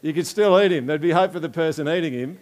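An Australian man preaching in a loose, chatty way, mixing jokes with rhetorical questions to the congregation. His voice sits a little on the high side for a man. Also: fast. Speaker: pastor. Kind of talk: conversational sermon with object lesson.

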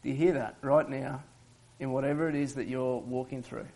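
A man's voice: mid-range voice, steady tone, a little fast, vocal fry, warm tone. A male pastor, preaching in a conversational way and often restarting his sentences. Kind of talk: sermon.

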